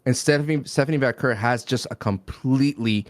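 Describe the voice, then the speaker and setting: A man co-hosting a podcast in casual chat, joking and dropping quick interjections into the talk. His voice is recorded close and dry, with no room echo. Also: mid-range voice. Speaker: podcast co-host.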